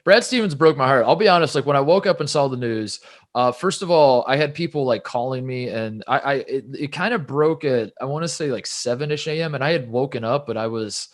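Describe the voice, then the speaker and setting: A man's voice: mid-range voice, animated, brisk. A man co-hosting a casual sports podcast, rambling and self-deprecating, often restarting his sentences. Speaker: podcast co-host.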